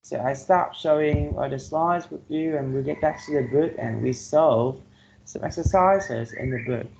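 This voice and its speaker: With a slightly high, gravelly voice, a Vietnamese-accented man teaches English in an online lecture, speaking slowly and adding "okay" and "right?" after nearly each phrase to confirm students are following. The highs are cut off, and the background is noisy.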